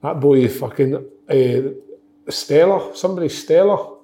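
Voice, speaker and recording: Blunt man, slightly high voice. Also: slow, warm tone. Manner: blunt, swears casually. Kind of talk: casual chat.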